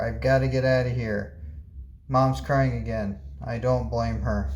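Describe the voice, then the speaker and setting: A man's voice: mid-range voice, darkish tone, a little hiss or hum. Man reading a comic in an echoey room. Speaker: comic book reader. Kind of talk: reading a comic aloud, voicing all parts.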